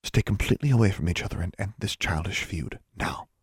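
A man voicing a cold, stern female school dean who speaks in quiet, menacing, clipped commands. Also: low voice, animated, brisk, breathy edge, dry recording, studio quality, exaggerated voice.

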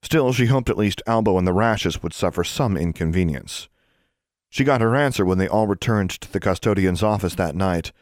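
A man reading a children's fantasy audiobook in steady, measured narration. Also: low-pitched, dry recording, clean studio sound. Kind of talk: scripted narration.

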